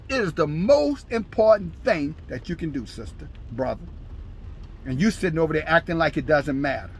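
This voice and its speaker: A man preaching a fiery, scolding sermon, shouting scripture in bursts at his listeners. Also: fairly high pitch, slightly rough. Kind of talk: fiery street-style sermon.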